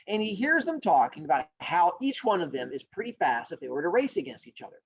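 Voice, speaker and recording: A male teacher tells a fable to his class over a video call. He rambles, jokes and keeps his voice lively and full of swings, and the audio is muffled and lo-fi. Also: high-pitched, a little fast, slightly rough. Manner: rambling, animated and jokey. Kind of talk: storytelling lesson.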